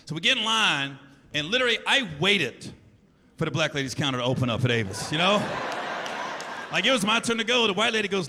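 A man doing stand-up with a high, swooping voice and punchy, profane delivery. His set is recorded live in a large venue, with a long hall echo, a loud audience and steady noise behind him. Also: fast talker. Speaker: stand-up comedian. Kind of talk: stand-up storytelling.

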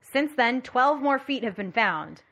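A woman's voice: a little high, expressive, a little slow, a bit bright. Bubbly woman telling a case. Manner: bubbly, giggly, pun-loving storyteller. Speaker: podcast host presenting the case. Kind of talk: casual chat.

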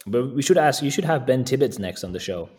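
A man's voice: mid-range voice, lively intonation, brisk, a little mellow. A man speaking as a podcast guest in a casual, easygoing way, often chuckling between thoughts. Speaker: guest landscape photographer.

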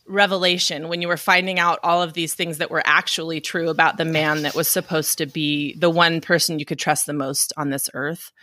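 A woman's voice: sits low, flat delivery, brisk, few pauses, sharp tone, no echo. A woman hosting an interview, reacting expressively to her guest. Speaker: interviewer host. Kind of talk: casual interview.

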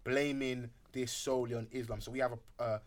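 Fast-talking man. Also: medium pitch. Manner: fast, animated, filler-heavy talk. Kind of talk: casual discussion.

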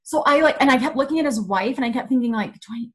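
A woman in her thirties telling a story in casual chat, animated and filled with "like". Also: high voice, very fast, slightly rough.

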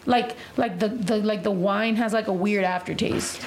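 A woman hosting a casual livestream chat, telling animated stories full of "like". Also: medium pitch, normal speed, background noise. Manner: animated storytelling, heavy use of "like". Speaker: livestream host.

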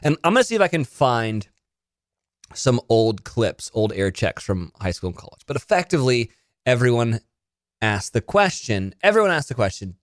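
Animated male podcast host in his thirties, rambling chat from his home studio. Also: mid-range voice, moderate pace, no echo. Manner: animated, self-mocking, rambling. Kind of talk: casual solo podcast chat.

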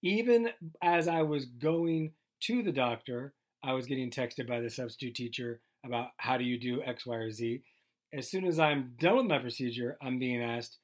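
A man's voice: medium pitch, normal speed. A man co-hosting a casual podcast from a closet at home, telling stories in a rambling, joking way. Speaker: podcast co-host. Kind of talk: casual chat.

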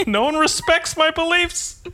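A man's voice: very high voice, measured pace, pushed and bright, voice pushed up, exaggerated voice. A man mimicking a melodramatic, offended person in an overwrought, squealing voice.

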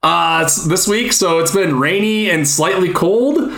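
A man's voice: high voice, measured pace, creaky, fairly bright tone, reverberant. A man co-hosting a podcast in casual chat, jokey and rambling, laughing often. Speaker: podcast co-host.

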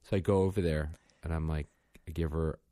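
A man in casual chat, a parent of two young children, telling animated stories and acting out the kids' lines. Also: rumbling low, a little fast, no room sound, studio quality.

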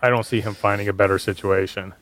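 A man co-hosting a casual chat, telling a story with lots of energy and jumping into other people's voices when he quotes them. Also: fast. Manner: animated storytelling, acts out quotes with raised pitch. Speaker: podcast co-host.

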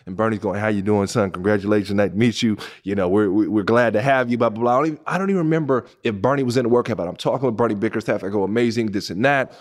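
Animated male storyteller, swings loud and soft. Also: very fast, few pauses. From Pasadena, California. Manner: animated storyteller, voice jumps up when excited and drops low when moved. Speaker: podcast host and former NBA player. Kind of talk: personal storytelling to listeners.

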